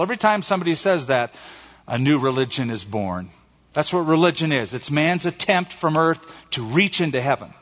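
A male pastor preaching a sermon with emphatic delivery, slowing down to stress key phrases. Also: a little high, lively intonation, a bit bright. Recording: muffled recording in a reverberant hall.

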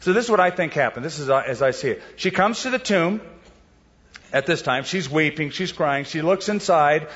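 A male preacher with a slightly high-pitched voice, delivering a sermon in a relaxed, explanatory manner full of rhetorical questions. The recording is dull and muffled. His words ring out with a long hall echo. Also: moderate pace. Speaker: pastor.

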